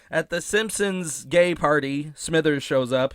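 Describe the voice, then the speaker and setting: A man hosting a comedic episode recap, sarcastic and profane with deadpan asides. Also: fairly high pitch, a little slow, hardly any pauses, clean tone, no echo, clean studio sound. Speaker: host.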